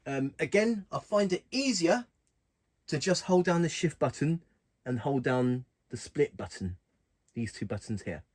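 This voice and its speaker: A man casually walking through keyboard functions in a relaxed, plain way, talking while he presses buttons. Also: fairly high pitch, unhurried, slightly rough. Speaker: keyboard tutorial host. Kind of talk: casual instructional walkthrough.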